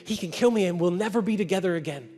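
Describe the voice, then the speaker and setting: A man's voice: high voice, quick pace, dark tone, faint music behind. A man doing a wheedling, desperate lizard. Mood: pleading. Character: clinging, pleading little lizard.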